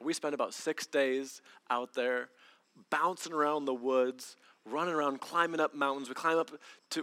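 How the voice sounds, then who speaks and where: A man delivers a storytelling sermon in a bright, forward tone that sits a little high. He acts out quoted lines as he goes and repeats words for emphasis.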